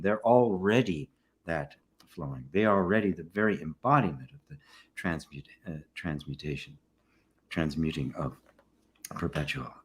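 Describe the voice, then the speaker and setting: An older man, a spiritual teacher, giving a relaxed satsang talk, often checking in with "right?" and soft laughs. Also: low voice. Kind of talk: satsang talk, answering questions.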